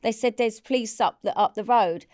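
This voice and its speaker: A woman's voice: fairly high pitch, moderate pace, darkish tone, no echo, studio quality. A woman, a podcast guest telling a personal story in a blunt, candid way and swearing freely. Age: 40s. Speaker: interview guest.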